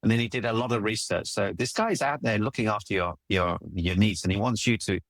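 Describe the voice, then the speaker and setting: A fairly quick, lowish, fairly bright voice comes from a middle-aged relationship coach in a storytelling interview. Earnest and emphatic, he relates personal stories with frequent restarts, captured in a dry recording.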